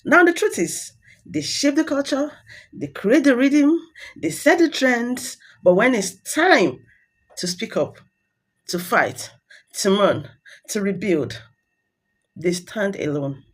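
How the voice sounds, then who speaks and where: Woman host with a breathy declamatory delivery. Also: on the high side, very animated, slow pace, pauses often. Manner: rhythmic, declamatory parallel phrases. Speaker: channel host. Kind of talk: scripted commentary.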